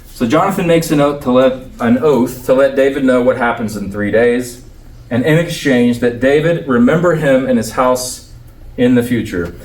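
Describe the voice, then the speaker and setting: A man's voice: mid-range voice, normal speed, a little mellow. A man pastor teaching a Bible study in a loose, conversational way with everyday slang. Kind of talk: casual Bible lesson. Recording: roomy, distant mic, faint ambience.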